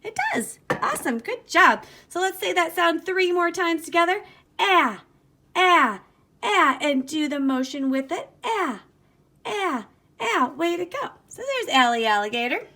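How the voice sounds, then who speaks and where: A woman teacher giving an online phonics lesson to young children in a slow, sing-song, encouraging way, recorded on her device's camera mic. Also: very high-pitched, big pitch swings, pushed and bright.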